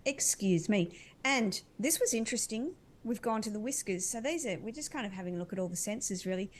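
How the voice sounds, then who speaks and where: A woman's voice: on the high side, expressive, slight background noise. Earnest dreamy woman describing visions. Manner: earnest, dreamy, slow-winding. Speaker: animal communicator.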